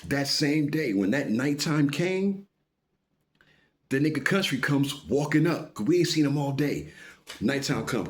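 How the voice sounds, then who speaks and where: A man with a medium-pitched voice tells a story casually and with animation. He swears a lot, goes off on asides, and keeps stopping to tell the listener to pay attention.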